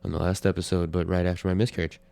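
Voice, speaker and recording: A man with a very low voice that has a gravelly edge. He talks bluntly and openly in a casual podcast chat. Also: flat delivery, very fast, dark tone, no room sound. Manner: blunt, open about personal loss. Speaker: podcast co-host.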